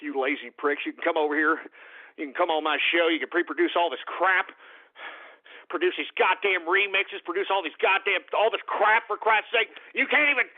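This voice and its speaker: A man's voice: fairly high pitch, fairly even intonation, normal speed. A man hosting a call-in radio show, ranting angrily and cursing at his listeners. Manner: ranting, profane, shouting insults at trolls. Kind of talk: angry call-in radio rant. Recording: tinny phone-quality radio recording.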